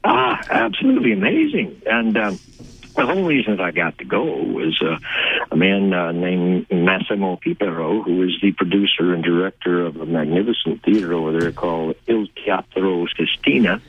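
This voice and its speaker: Older Texan man, low and husky, animated guest storyteller who laughs a lot, heard over a tinny phone line. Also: moderate pace. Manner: warm, laughing, enthusiastic storyteller. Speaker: guest actor. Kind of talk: phone interview, casual storytelling. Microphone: telephone.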